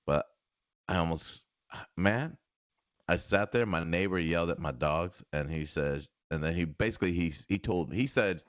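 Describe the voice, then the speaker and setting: A low-voiced man speaks at normal speed on a casual podcast he co-hosts, telling animated stories, laughing often and repeating words. The recording is dry, with the highs cut off.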